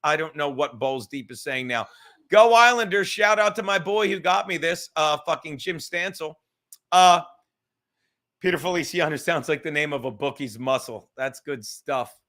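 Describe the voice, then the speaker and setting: A high, bright-toned man with a New York accent rants through a livestream podcast. He swears constantly and wanders off on tangents. His voice jumps from shouting at viewers to low, mumbled asides. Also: moderate pace. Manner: loud, swearing, rambling, shifts from shouting to mumbling. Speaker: podcast host. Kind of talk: profane livestream rant.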